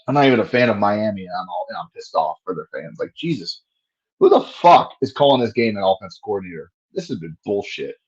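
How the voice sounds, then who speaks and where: A man's voice: on the low side, big pitch swings, fast talker, husky, dull audio. A man giving casual play-by-play commentary on a fan livestream, profane and frustrated, ranting between plays.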